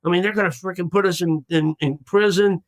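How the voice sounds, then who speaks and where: A man in his sixties, a podcast guest telling a long story in a lively way and acting out the voices of the people in it. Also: high-pitched, a little fast, dry recording. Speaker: guest, former hostage.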